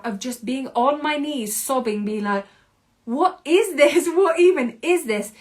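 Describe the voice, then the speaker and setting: An energetic woman in her thirties speaks with a somewhat high, lifted voice. She talks as a podcast host giving a motivational monologue, in emphatic, quick bursts. Her tone stays casual and chatty, with the odd mild curse. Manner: casual, with mild swearing and laughs. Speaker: podcast host and anxiety coach.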